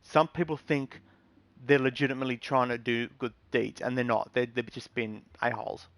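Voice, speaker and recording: Male streamer, mid-pitched, earnest and rambling, dry close sound. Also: flat delivery, normal speed, a bit bright, no echo. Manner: rambling, earnest advice with many ums and restarts. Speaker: game streamer. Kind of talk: casual live-stream talk.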